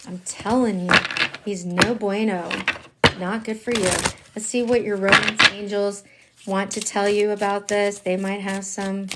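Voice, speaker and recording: A woman giving a live-streamed tarot reading, chatty and emphatic, dropping slang and swinging between hushed asides and excited outbursts. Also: medium pitch, a little slow, very noisy. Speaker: tarot reader.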